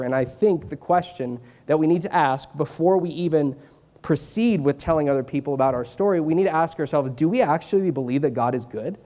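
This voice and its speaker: A youth pastor in his late twenties delivers a relaxed, conversational sermon. His voice sits a little high and sounds mellow, and he repeats key lines for emphasis and slips in light joking asides. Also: fairly quick. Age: 20s. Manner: joking asides, drops into a mock Southern voice for church sayings.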